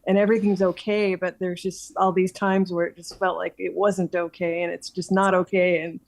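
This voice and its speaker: A woman reflecting softly in a casual conversation, running her thoughts together with many 'and's. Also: lowish voice, level tone, normal speed, vocal fry. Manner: soft-spoken, reflective, trails on with 'and'.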